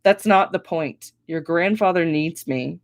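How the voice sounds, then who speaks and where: A firm, weary middle-aged mother, laying down the law with a flat finality, as a woman reads her aloud from a storybook. The voice sits a little low and close, with no room around it. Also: a little slow, no echo.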